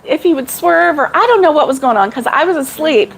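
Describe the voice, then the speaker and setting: A woman's voice: sits high, animated, brisk, poor audio. Giggly rambling middle-aged woman. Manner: giggly, rambling, laughs often. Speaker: crochet vlogger. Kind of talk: casual chat with live viewers.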